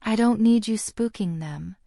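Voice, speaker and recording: A woman voicing a stern elderly witch who speaks in a firm, measured way. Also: medium pitch, vocal fry, mellow, no room sound, studio quality. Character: stern elderly witch, calm creature expert.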